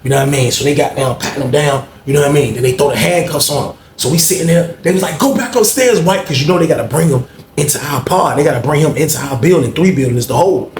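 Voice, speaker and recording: A man casually telling a story, animated and acting out the people he quotes in a higher voice. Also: fast talker. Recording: echoey room with faint noise.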